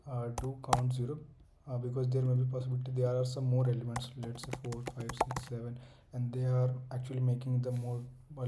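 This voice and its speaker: A man's voice: medium pitch, noisy background. A young man hosting a coding tutorial, walking through a solution step by step in loose, non-native English phrasing with many fillers. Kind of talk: screen-recorded coding walkthrough.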